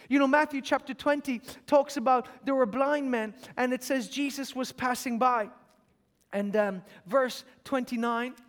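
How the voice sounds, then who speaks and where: A man preaching a sermon, reading scripture and building to fervent, shouted calls of amen and hallelujah. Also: very high voice, in a large hall.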